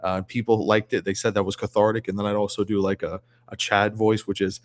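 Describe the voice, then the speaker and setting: Rambling low-voiced man. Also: flat delivery, fast talker, hardly any pauses. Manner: rambling, many fillers and restarts. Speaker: guest streamer. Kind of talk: casual livestream chat.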